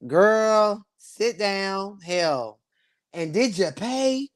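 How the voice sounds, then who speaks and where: Sassy, slangy man reviewing a show live. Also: very slow. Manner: sassy, slangy and animated, swinging between loud bursts and low asides; laughs often while talking. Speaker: host of a live review stream. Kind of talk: casual live-stream reality show review.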